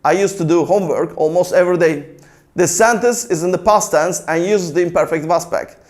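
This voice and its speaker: A man with a notably high voice delivers a scripted language lesson. He recites vocabulary slowly and deliberately, pausing after each word, then moves into calm, orderly grammar explanations. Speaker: language teacher.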